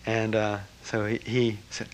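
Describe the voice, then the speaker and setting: An older man telling a personal story to a gathering in a reflective, halting way, breaking into lively quotes. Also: on the low side, a little hiss or hum, low-quality recording. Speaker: speaker recounting a spiritual teacher.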